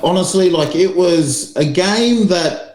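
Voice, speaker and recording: A man's voice: high-pitched, takes it slowly. Chatty New Zealand man, echoey room. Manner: rambling, animated, laughs often. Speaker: rugby podcast co-host. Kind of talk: casual chat.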